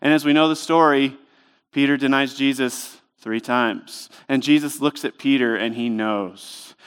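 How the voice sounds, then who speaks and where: A man's voice: mid-range voice, fairly even intonation, unhurried, fairly bright tone, clean tone. A man preaching a sermon in a church, speaking in a conversational, emphatic way with lots of rhetorical questions. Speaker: pastor.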